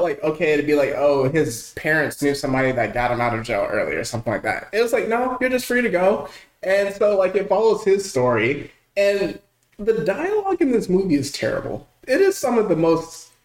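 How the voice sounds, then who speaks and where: A man co-hosting a casual podcast chat, ranting in an animated way and acting out quotes. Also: on the high side. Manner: animated ranting, mock-quoting characters. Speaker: podcast co-host. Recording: roomy echo.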